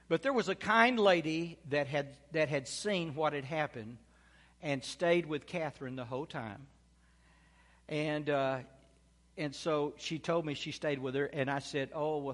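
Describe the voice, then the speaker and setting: Preacher man in a reverberant church. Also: a little high. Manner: storytelling, rising to loud exclamations. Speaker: pastor. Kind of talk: sermon with personal story. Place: church sanctuary.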